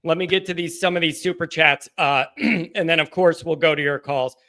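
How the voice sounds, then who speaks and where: A man's voice: fairly high pitch, normal speed, sharp tone. A man hosting a postgame call-in livestream who is overcome with emotion. He reads out viewer messages in a breathless, rambling way and keeps losing his place. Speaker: livestream host.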